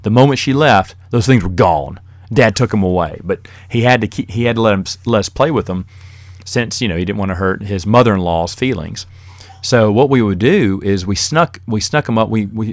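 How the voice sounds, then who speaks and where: A man's voice: on the low side, fairly quick, dry recording, studio quality. A man hosting a podcast on his own, telling rambling stories in a casual monologue and chuckling as he goes. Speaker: podcast host.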